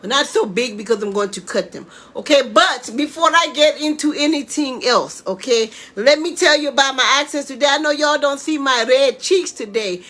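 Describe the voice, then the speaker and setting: A woman's voice: high-pitched, expressive, normal speed, few pauses, fairly bright tone. A woman hosting her own home cooking live stream, chatting casually and often checking in with "okay?". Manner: chatty, tags lines with "okay?". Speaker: home cooking show host.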